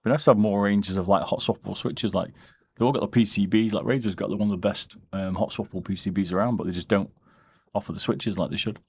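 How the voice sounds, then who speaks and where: Low-voiced, laid-back streamer. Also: male voice, quick pace, creaky, husky. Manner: relaxed, rambling, answers chat between asides. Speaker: streamer and mouse modder. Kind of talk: casual live-stream chat. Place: home, during a live stream.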